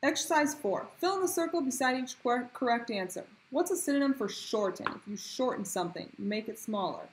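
A woman teacher talking pupils through a grammar worksheet in a clear, patient question-and-answer way. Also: a little high, expressive, a little fast, hardly any pauses, a little hiss or hum, rough recording. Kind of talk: recorded grammar lesson for pupils.

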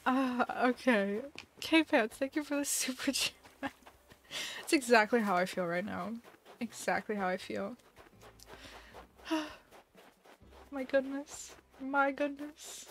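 A woman's voice: on the high side, measured pace. A young woman live-streaming a video game, chatting casually with a giggly, dramatic manner and mock panic.

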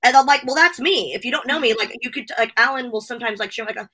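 Bright-voiced gushing woman guest. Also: a little high, fairly even intonation, very fast, breathy edge. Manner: gushing, emotional, laughs often. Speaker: interview guest, wrestling show host. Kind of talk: casual interview chat.

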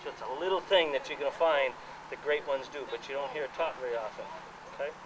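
A man teaching softball fielding technique to players at an outdoor clinic. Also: medium pitch, fast. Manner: coaching players with hands-on instruction. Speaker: softball coach. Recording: noisy outdoor camera audio.

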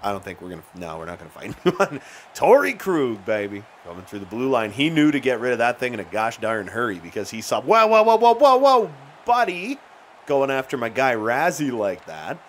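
A man giving excited let's-play commentary on a hockey video game, chatting casually and shouting at big plays. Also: lowish voice, a little fast, slight background noise. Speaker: gaming YouTuber.

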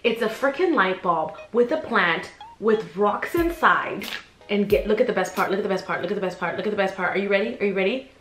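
A woman in her twenties, a YouTuber, chats playfully with viewers about a haul in a casual vlog. Her medium-pitched voice is expressive, brisk, and fairly bright, and she repeats phrases for emphasis; the room is roomy with faint music in the background.

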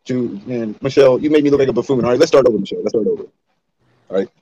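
A man's voice: medium pitch, very fast, mellow, slightly rough, no room sound, lo-fi sound. A man hosting a livestream, arguing with a guest in a bickering, profane, exasperated way. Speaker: livestream host. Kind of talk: heated casual livestream banter.

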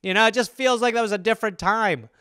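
A man's voice: high-pitched, fast, bright, forceful tone, clear, resonant tone, no room sound, studio quality. A man hosting a solo comedy podcast, riffing in a profane, rambling, conversational way. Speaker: podcast host.

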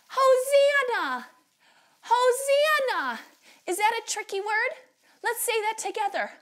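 A woman pastor giving an animated Bible lesson to preschool children, full of gasps and questions to the kids. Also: very high voice. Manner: animated, gasping, exaggerated storytelling for small children.

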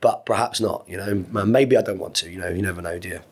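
A man's voice: low voice, quick pace, slightly rough. A man, an ex-Marine in his thirties, talking openly and at length as a podcast guest, rambling and earnest with some swearing. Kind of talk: candid conversational interview.

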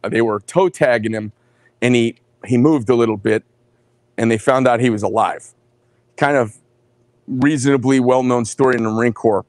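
A middle-aged man hosting a live knife sales show, telling rambling, animated stories between showing each knife. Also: medium pitch, no echo. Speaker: host presenting knives.

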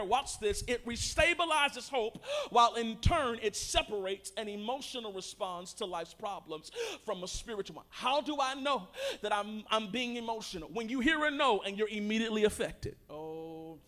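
A man with a very high voice preaching a sermon in a church sanctuary. He leads the congregation in call-and-response, teases them playfully, and builds to shouted, sing-song peaks. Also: animated, moderate pace. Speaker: pastor.

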